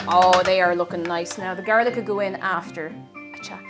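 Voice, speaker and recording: Cooking in her home kitchen, an Irish woman keeps up casual, talkative chatter with her stream audience and reads viewer names aloud, all bubbly energy. She speaks in a mid-range voice at a moderate pace, with music underneath.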